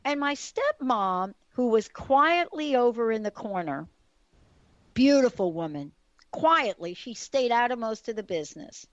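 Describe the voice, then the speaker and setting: A woman, hosting a radio talk show and telling a story in a chatty, animated way full of asides. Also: fairly high pitch, measured pace, dry recording. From the Bronx, New York. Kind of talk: casual radio chat, storytelling. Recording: dull lo-fi radio recording.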